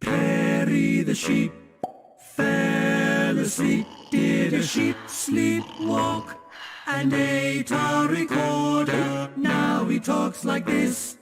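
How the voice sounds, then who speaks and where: A woman's voice: sits high, huge pitch swings, drawn-out words, creaky, pauses often, soft background music. A woman singing a playful children's song in a sing-song way.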